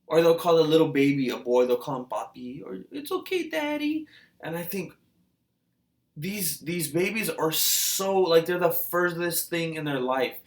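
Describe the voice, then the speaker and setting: A man hosting a reaction video, talking in a casual, rambling way with many fillers and restarts, musing and asking questions out loud. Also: fairly high pitch, normal speed. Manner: hesitant, full of fillers and restarts.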